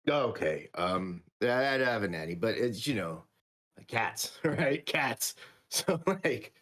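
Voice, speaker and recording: A man in a role-playing game, telling a bedtime story in a halting, rambling way full of fillers. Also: mid-range voice, very animated, a bit bright. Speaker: player.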